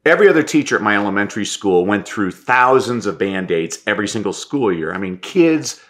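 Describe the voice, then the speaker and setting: A man telling stories as a podcast guest and presentation coach, animated and acting out quoted lines, often restarting words as he talks. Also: on the low side, brisk. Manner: lively, stammers restarts, acts out quotes. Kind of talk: animated anecdotal storytelling.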